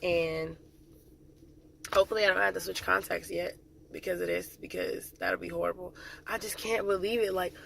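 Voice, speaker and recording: A woman's voice: fairly low pitch, steady tone, normal speed, creaky, a bit bright, a little hiss or hum. A woman drill sergeant chatting casually in a vlog, dramatic and full of fillers.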